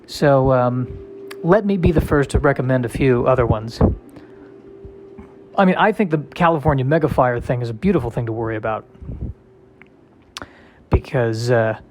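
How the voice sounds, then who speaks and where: A man riffing alone in an unhurried comic monologue, wandering from one worry to the next with a wry, self-mocking tone. His voice sits in an ordinary middle register. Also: medium pitch, slight background noise. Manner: rambling, self-deprecating, wry. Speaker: comedian. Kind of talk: casual solo comic monologue.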